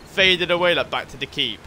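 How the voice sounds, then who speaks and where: Male let's-play co-host, bright tone, jokey and profane, headset mic. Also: on the high side, normal speed, a little hiss or hum. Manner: jokey, swears freely, laughs often. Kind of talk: casual gaming banter.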